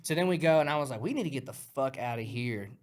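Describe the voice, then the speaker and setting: Excitable man telling a profane story. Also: mid-range voice, fast talker. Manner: profane, excitable, acts out punches with sound words. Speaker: guest fighter. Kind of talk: animated storytelling.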